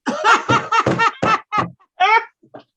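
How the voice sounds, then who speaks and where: A man doing stand-up comedy from home, telling a long personal story in a wry, deadpan way and putting on voices for the people in it. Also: very high voice, very slow, slight background noise.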